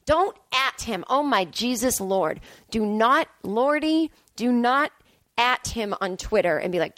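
A woman's voice: mid-range voice, moderate pace, fairly bright tone, no echo. A woman in her forties hosting a solo podcast from a hotel room, chatty, sarcastic and self-deprecating as she tells stories. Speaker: podcast host. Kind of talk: casual solo podcast monologue.

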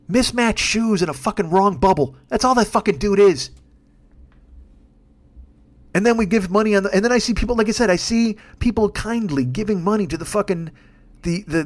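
Fast-talking, high-voiced man in his fifties, ranting. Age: 50s. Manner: profane, heated and blunt. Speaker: podcast host. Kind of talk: solo podcast rant.

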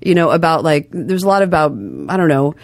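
A woman's voice: low voice, very animated, brisk, creaky, no echo, clean studio sound. A woman, a comedian guest, rambling in casual chat, self-deprecating and full of restarts. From United States.

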